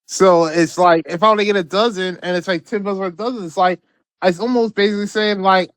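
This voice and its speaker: A man with a high voice rants about the news as a podcast co-host. His talk is profane and rambling, full of repeated words, and his voice sounds close and dry. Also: fairly quick, a bit bright, clean tone, no room sound. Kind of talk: casual political commentary.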